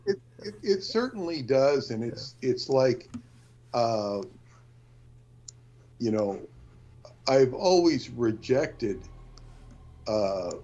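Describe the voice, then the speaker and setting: A man's voice: medium pitch, big pitch swings, drawn-out words, pauses often, dark tone, dull audio. A man talking in a casual conversation, rambling and hesitant, often restarting his sentences.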